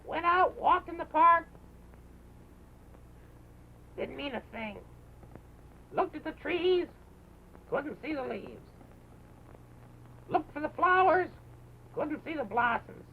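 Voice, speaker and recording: A man's voice: very high voice, lively intonation, takes it slowly, vocal fry, long pauses, full character voice. A man voicing a bored, lonely female witch puppet who sighs and sulks in dramatic, self-pitying outbursts, on a muffled 1950s television broadcast recording. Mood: mopey. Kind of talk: live television puppet show.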